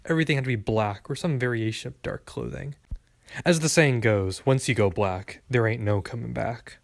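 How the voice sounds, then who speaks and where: A man's voice: mid-range voice, gravelly, no room sound, clean studio sound. A man reading a first-person story aloud with a wry, sarcastic delivery. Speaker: audiobook narrator.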